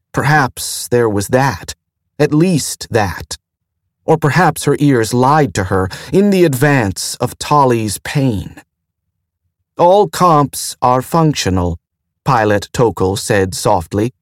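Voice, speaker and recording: A man reading an audiobook chapter in a measured, deliberate way, with quiet character lines. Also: mid-range voice, no room sound, clean studio sound. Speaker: audiobook narrator. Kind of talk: audiobook narration.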